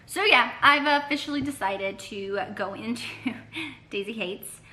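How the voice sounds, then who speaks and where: A woman's voice: a little high, measured pace, pushed and bright, a little hiss or hum. A woman chatting casually in a reading vlog, rambling and gushing with lots of fillers and restarts, filmed on a handheld camera from her couch at home. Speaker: book vlogger. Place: living room couch at home.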